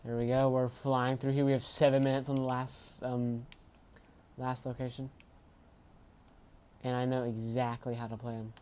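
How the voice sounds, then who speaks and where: A man casually commentating his own video game play, chatty and bursting into excited shouts. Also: mid-range voice, moderate pace, long pauses, slight background noise. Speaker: gaming channel host.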